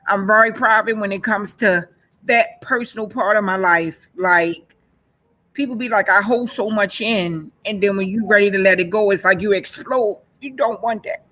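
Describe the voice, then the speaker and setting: A woman, sharing her own story in a panel talk. Her voice is bright and forward. She talks with earnest emphasis and circles back to the same phrases again and again. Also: medium pitch, normal speed. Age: 40s. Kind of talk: personal testimony in a panel session.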